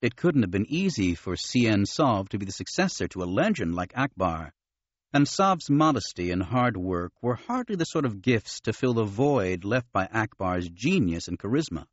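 A man reading an audiobook in an expressive narrating style. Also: lowish voice, normal speed, no room sound, muffled recording. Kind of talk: scripted narration.

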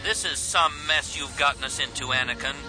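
A man voicing a brisk, confident young woman starfighter pilot in an audiobook. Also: mid-range voice, over music, pitched above the performer's own voice, lightly acted, low-quality recording. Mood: cocky.

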